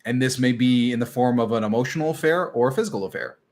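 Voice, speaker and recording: A man talks casually on his own live stream, coaching viewers on relationships. His delivery is emphatic and animated, and now and then it sinks into a soft, gentle murmur. His voice sits at an ordinary middle pitch. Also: fast. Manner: animated and emphatic, drops to a soft tender tone when acting out a partner.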